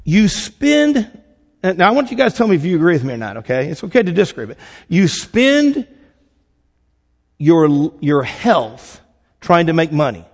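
A man's voice: fairly high pitch, wildly swooping pitch, normal speed, long pauses, big-room sound. A man preaching a casual, conversational sermon, asking the congregation questions and acting out little quoted voices. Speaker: pastor.

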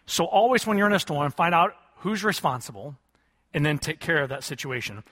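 A man preaches to his congregation, asking them questions and calling for answers. His voice sits high and sounds bright and forceful. It carries a long echo from a large hall. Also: animated, fairly quick. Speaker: pastor. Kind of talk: sermon.

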